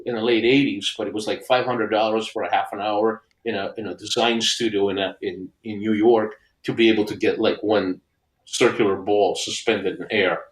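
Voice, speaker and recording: A middle-aged man, a guest artist on a video call, tells stories from his career in a casual, animated way and acts out what others said. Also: on the low side, normal speed. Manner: animated storyteller acting out other people's lines. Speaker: guest album cover artist. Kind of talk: casual storytelling interview. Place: home studio with framed records on the wall. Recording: roomy echo.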